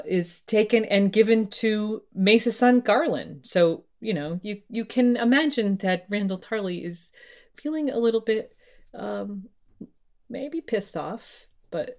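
A woman's voice: mid-range voice, darkish tone. A woman co-hosting a podcast, talking through fantasy book lore in a thoughtful, meandering way with many fillers and restarts. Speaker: podcast co-host. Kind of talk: casual discussion of fantasy lore.

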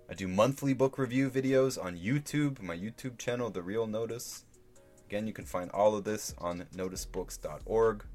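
A man hosting his own podcast, talking casually through a book and reading out passages. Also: lowish voice. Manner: conversational, thinks aloud, reads out quotes. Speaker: podcast host reviewing a book. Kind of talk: casual solo podcast talk.

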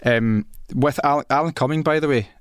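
A man's voice: mid-range voice, a little fast, clear, resonant tone, no echo, studio quality. A Scottish man hosting a podcast, talking frankly and chattily and thinking aloud as he interviews his guest. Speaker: podcast host. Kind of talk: casual podcast chat.

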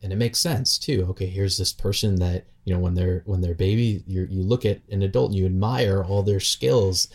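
A man hosting a relaxed conversation, asking thoughtful questions and murmuring agreement. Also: sits low, normal speed, hardly any pauses. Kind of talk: casual interview conversation.

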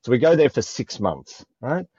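A man's voice: medium pitch, very animated, moderate pace, a little mellow, breathy edge, dry recording, muffled recording. An Australian man talking emotionally in a spiritual conversation, often searching for words. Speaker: guest.

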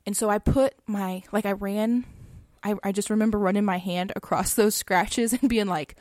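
A woman co-hosting a podcast, telling a personal story in a casual, chatty way, often saying "like" with soft laughs. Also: mid-range voice, steady tone, moderate pace, dry recording, clean studio sound.

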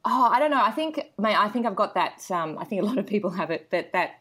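A woman's voice: medium pitch, animated, fast, fairly bright tone, husky. A woman, a guest actor chatting casually and self-deprecatingly, with many fillers. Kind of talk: casual chat.

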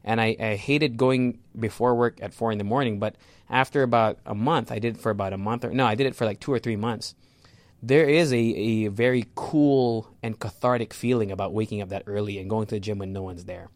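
A man's voice: lowish voice, fairly even intonation, a little fast, dry recording. A man rambling casually and jokingly through an article, correcting himself often and swearing freely. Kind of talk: casual solo chat reacting to an article.

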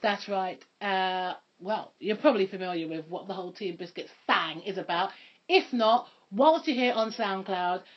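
A woman's voice: mid-range voice, normal speed. A woman co-hosting a podcast, chatting casually with slang and laughing often. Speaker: podcast co-host. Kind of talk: casual chat. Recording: dull lo-fi podcast recording.

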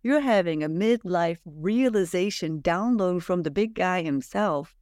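A woman's voice: lowish voice, animated, measured pace, a little mellow, dry recording, clean studio sound. A middle-aged woman hosting a heartfelt podcast conversation, speaking earnestly and emphatically with spiritual encouragement. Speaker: podcast host.

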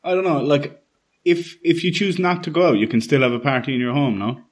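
A man's voice: fairly high pitch, fairly even intonation, brisk. A man co-hosting a podcast, chatting casually, swearing freely and laughing at his own jokes. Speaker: podcast co-host. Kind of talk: casual chat.

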